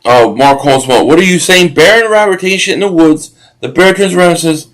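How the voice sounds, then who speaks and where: A man hosts a casual football watch-party stream. His voice sits high for a man. He rambles through viewer comments and game reactions, often restarting his sentences. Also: lively intonation, normal speed, fairly bright tone, low-quality recording.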